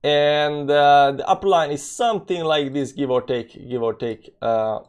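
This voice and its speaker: A man's voice: on the high side, a little slow, clean tone. A man live-streaming, casually greeting his chat and talking through a price chart, with loose, rambling non-native English phrasing and lots of fillers. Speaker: crypto trading live-streamer.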